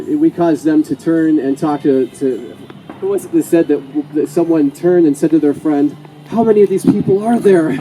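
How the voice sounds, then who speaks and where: A man's voice: fairly high pitch, dark tone, poor audio. A man addressing a gathering outdoors, hesitant and full of fillers as he introduces the next speaker. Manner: hesitant, many fillers and restarts.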